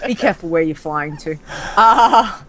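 A woman hosting a chat podcast, asking her guest drawn-out, unhurried questions. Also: fairly low pitch, animated, a bit bright. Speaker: podcast host.

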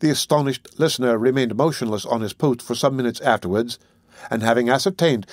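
Brief: man narrating a classic novel, steady and even, dry studio sound. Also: mid-range voice, a little fast, no room sound. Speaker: audiobook narrator. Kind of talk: scripted narration.

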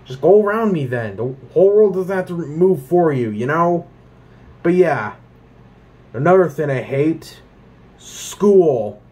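A young man with a somewhat high voice rants about his pet peeves. He swears freely and fills his talk with "like" and "um". He is from Canada and talks in an animated, casual way. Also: slow pace. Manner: profane, animated ranting with many fillers. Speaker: vlogger. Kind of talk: casual ranting monologue.

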